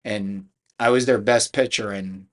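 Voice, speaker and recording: A middle-aged man from Philadelphia, a karate school owner and chief instructor, tells stories from his life in a casual podcast interview. His voice sits low, and he rambles along with frequent restarts and fillers. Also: steady tone, unhurried, fairly bright tone. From Philadelphia, United States.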